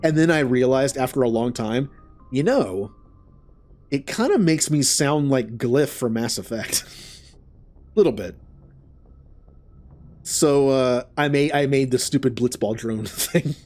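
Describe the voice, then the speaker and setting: A man's voice: medium pitch, expressive, takes it slowly, pauses often, a little mellow, faint music behind. A man casually chatting while streaming a video game, rambling and laughing often. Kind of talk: casual chat over gameplay.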